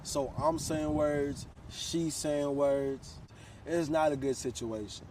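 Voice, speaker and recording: A man's voice: on the high side, steady tone, slow pace, far from the mic, background noise. A man in his twenties telling a story from his own life in a casual, slangy way, swearing freely. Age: 20s.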